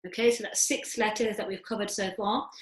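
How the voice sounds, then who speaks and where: A woman's voice: mid-range voice, steady tone, a little fast. Echoey woman teaching over video call. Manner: patient, step-by-step explaining with demonstrated sounds. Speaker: Quran recitation teacher. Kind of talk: online class teaching.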